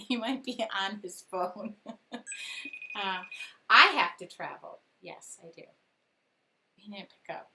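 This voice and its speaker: A woman's voice: medium pitch, noisy background. A woman hosting a casual craft livestream, giggling often and reading viewer comments aloud. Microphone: phone speakerphone call alongside.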